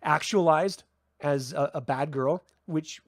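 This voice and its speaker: A man's voice: a little high, takes it slowly, no echo, studio quality. A man hosting a casual solo TV review, chatty and rambling, with fillers and restarts. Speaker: TV review host.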